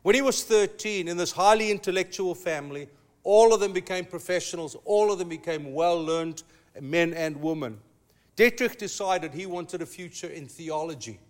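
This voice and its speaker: A pastor preaching a sermon, telling a story with emphatic, slow dramatic pauses. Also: male voice, high-pitched.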